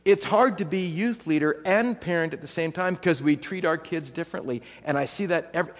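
A man's voice: fairly high pitch, brisk. A middle-aged man giving a conversational sermon as a pastor, often asking his audience rhetorical questions. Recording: long hall reverb.

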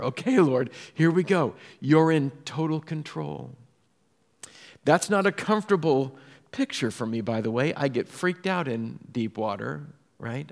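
A man from Southern California preaching a sermon, telling personal stories and often dropping to a soft hush to drive a point home. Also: medium pitch, vocal fry. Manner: storytelling, drops to a soft hush for emphasis. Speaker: pastor. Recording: echoey hall reverb.

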